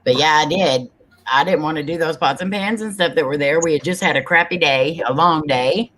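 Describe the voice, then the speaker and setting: A woman's voice: low voice, a little fast, a bit bright, slight background noise. A woman in her forties with a Texan accent, co-hosting a casual paranormal chat and teasing the others with frequent laughter. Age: 40s. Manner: laughs often, teasing banter. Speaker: paranormal show co-host.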